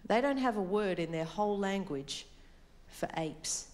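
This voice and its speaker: A woman's voice: medium pitch, lively intonation, a little slow. A woman doing a stand-up comedy routine on stage, chatty and self-mocking as she tells her story. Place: comedy stage before a live audience. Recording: live stage mic with loud crowd. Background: audience laughter.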